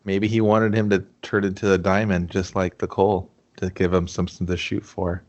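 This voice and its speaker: A man with a fairly low voice co-hosts a casual movie review chat. He talks in a wry, joking way and mockingly quotes the characters. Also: level tone, normal speed, lo-fi sound. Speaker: podcast co-host.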